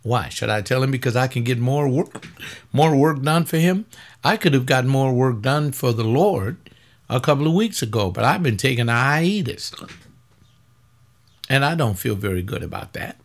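A tired, aching male pastor giving a webcast talk in a voice of ordinary pitch. He rambles in a loose, conversational way, firing off blunt rhetorical questions. He often sinks low and quiet, then climbs sharply when he pushes a point. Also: animated, normal speed. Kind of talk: webcast commentary reading and answering a paper.

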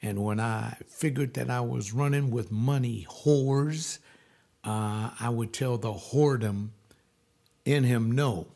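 A male pastor telling a personal testimony like a sermon, emphatic and drawing out key words slowly. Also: mid-range voice, vocal fry, a little mellow.

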